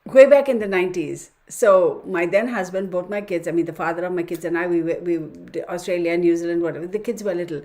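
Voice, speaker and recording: A middle-aged woman hosting a tarot livestream, chatting casually with viewers and telling stories in an excitable, chatty way. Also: lowish voice, quick pace, few pauses.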